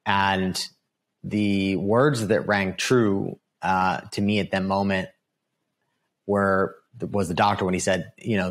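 A man's voice: deep voice, fairly even intonation, slow pace. A middle-aged man telling a personal testimony as a guest on an interview podcast, earnest and full of fillers and "right?" asides. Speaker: guest, author.

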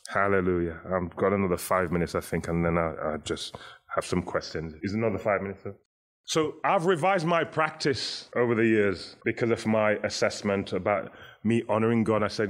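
A man's voice: fairly low pitch, lively intonation, moderate pace. Exuberant preacher man. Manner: exuberant, repeats Hallelujah, laughs often. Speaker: pastor and guest speaker. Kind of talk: sermon.

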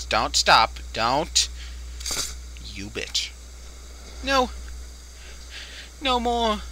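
Jumpy, bright-voiced gaming man. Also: high-pitched, a little hiss or hum, low-quality recording. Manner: jokey, jumpy, swears, talks to the screen. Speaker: gaming video host. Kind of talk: let's play commentary.

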